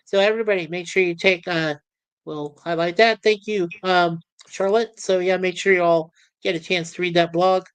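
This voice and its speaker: Rambling stream host guy reading chat out loud, laughs a lot, dry close sound. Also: high-pitched, steady tone, moderate pace, smooth, no room sound. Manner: rambling, chatty, laughs easily. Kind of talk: casual chat reading out viewer comments.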